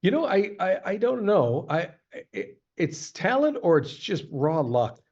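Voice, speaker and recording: A voice actor being interviewed, talking in a halting, animated way in casual chat. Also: male voice, sits high. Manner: animated, halting, jumps to quick voice demos. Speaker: voice actor guest. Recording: slightly muffled, lo-fi sound.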